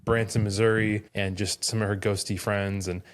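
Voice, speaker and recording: Chatty low-voiced man co-hosting a podcast. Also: level tone, moderate pace. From Florida. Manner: rambling, chatty, lots of fillers. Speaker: podcast co-host. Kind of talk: casual chat.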